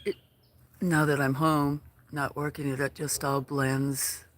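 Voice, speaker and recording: A man hosting a casual livestream outdoors at a farm, talking in a soft, hesitant way with lots of fillers. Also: fairly high pitch, level tone. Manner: slow, soft-spoken, hesitant with many fillers. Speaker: livestream host.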